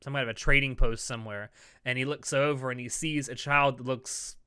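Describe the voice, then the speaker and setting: A man co-hosts a relaxed podcast conversation with a bright, smooth voice. He is chatty, laughs easily and talks through plot points at length. His voice sounds dry and close, with no room around it. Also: medium pitch, brisk, no room sound. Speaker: podcast co-host. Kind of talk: casual podcast review chat.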